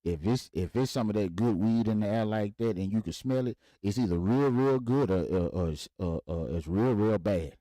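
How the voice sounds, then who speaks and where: A man playing his loud, jovial older father, talking in a boisterous, folksy way. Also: on the low side, normal speed, few pauses, no room sound, close to an everyday voice. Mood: lecturing.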